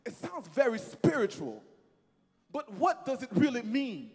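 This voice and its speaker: High, animated preacher man in a reverberant hall. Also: moderate pace, husky, soft background music. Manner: emphatic, repeats phrases, leads the congregation in call-and-response. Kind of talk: sermon.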